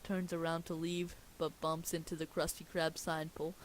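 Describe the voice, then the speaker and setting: A man with a rather high voice reads a cartoon movie script aloud for comedy, speaking at a normal pace in a completely flat tone. He reads the stage directions too and stops now and then to question the script. The low-quality recording has a faint hiss behind it.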